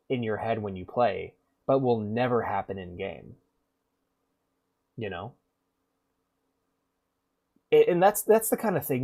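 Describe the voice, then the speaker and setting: Male streamer, mid-pitched, casual and profane, rambling gaming commentary with animated bursts. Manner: animated, rambling and profane, acts out game characters.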